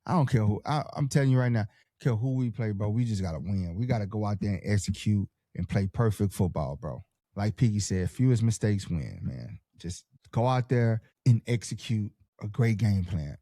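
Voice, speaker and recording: Fired-up slangy podcast host with a mellow voice. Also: male voice, on the low side, lively intonation, moderate pace, no echo, clean studio sound. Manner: fired-up, slangy pep-talk delivery. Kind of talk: casual sports podcast chat, reading live comments.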